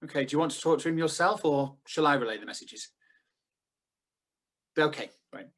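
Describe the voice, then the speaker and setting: A man with a British accent playing a calm, serious paranormal expert who is relaying messages over the phone in a radio drama. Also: fairly high pitch, moderate pace. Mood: grave. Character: calm, grave male paranormal doctor. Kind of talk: amateur radio-play acting.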